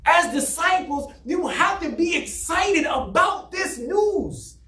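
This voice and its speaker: A man preaching a sermon as pastor, emphatic and often shouting, in a church. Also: very high-pitched, slow. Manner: mocks a flat monotone preacher for effect. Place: church sanctuary. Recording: echoey room from a distance.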